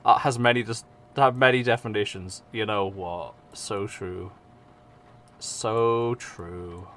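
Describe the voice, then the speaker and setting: Gravelly English man, rambling streamer. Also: on the low side, steady tone, slow pace, a bit bright, slight background noise. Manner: rambling, swears often, self-mocking. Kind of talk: casual live-stream chat.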